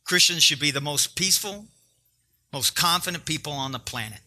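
Bright, high-voiced man preaching. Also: animated, fairly quick. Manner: emphatic, joking preaching that talks straight to the congregation. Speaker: pastor. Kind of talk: sermon.

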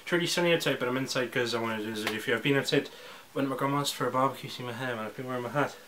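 A man's voice: mid-range voice, very fast, a bit bright, slight background noise. A teenage boy chatting casually on his home vlog, rambling and restarting with jokey asides. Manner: rambling, self-interrupting, jokey. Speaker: vlogger. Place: indoors at home.

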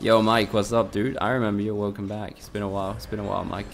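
A man's voice: on the low side, level tone, quick pace, vocal fry, a little hiss or hum. A young man from Spain, chatting casually with his viewers and swearing freely while he streams a game. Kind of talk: casual live-stream commentary.

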